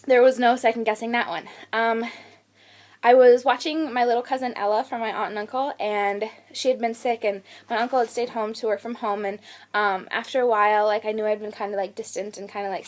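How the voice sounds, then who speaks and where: Young woman vlogging, retells a story, high voice, acts out the panicky bits. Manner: animated retelling, acting out her own panicked quotes. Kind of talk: storytelling vlog.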